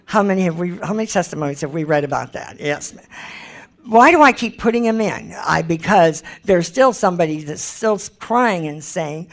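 A woman's voice: fairly low pitch, expressive, moderate pace. A woman giving an informal Bible teaching, chatty and emphatic, thinking aloud as she looks up verses.

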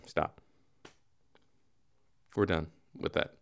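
A man hosting a podcast in casual chat, joking around and rambling through a playful play-by-play. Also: extremely slow. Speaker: podcast host.

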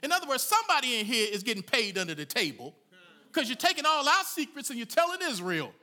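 High, bright-voiced preaching man. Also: big pitch swings, fast talker. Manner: dramatic preaching, rising to shouts; folksy asides between scripture readings. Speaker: pastor. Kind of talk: sermon.

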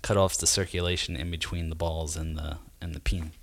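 A man co-hosting a podcast, explaining things in casual chat with hesitant pauses. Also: deep voice, fairly even intonation. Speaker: podcast co-host.

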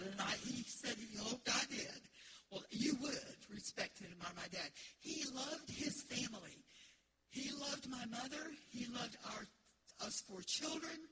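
A middle-aged woman from the United States, preaching an emphatic, animated sermon as pastor in a church. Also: a little high, a little slow, background noise. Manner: emphatic, animated preaching with laughter and call-outs. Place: church sanctuary.

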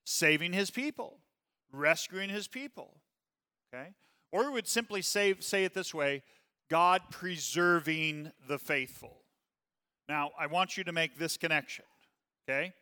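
Male Bible study teacher, bright crisp voice, slightly high, conversational, often checks in with the class; reads verses slow and emphatic. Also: big-room sound. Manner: reads scripture slowly and emphatically.

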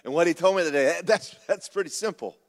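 A man preaching a sermon, pastor of his church, telling a story in a folksy, animated, repetitive way. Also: a little high, brisk, long reverb tail.

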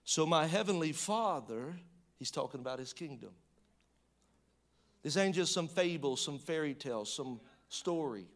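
A man preaching a sermon in a fairly high voice. He moves between loud, emphatic bursts and hushed, low reading, with casual asides and restarts along the way. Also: animated, a little slow.

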